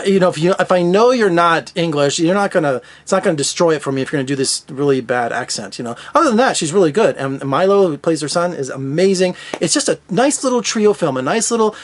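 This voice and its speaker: A man giving a casual, rambling film review, often correcting himself as he talks. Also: fairly high pitch. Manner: rambling, self-correcting, chatty. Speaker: film critic. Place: Las Vegas.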